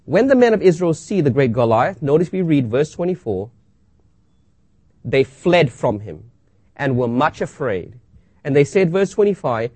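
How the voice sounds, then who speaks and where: A man preaching a sermon, reading scripture aloud and asking rhetorical questions with dramatic pauses. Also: on the high side, sing-song, a little mellow, breathy edge, dry recording.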